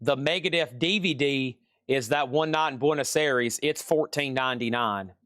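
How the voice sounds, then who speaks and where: A man's voice: mid-range voice, normal speed, fairly bright tone, no room sound, studio quality. A man with a Southern US accent hosting a live sales stream, chatty and repeating prices and buyer names.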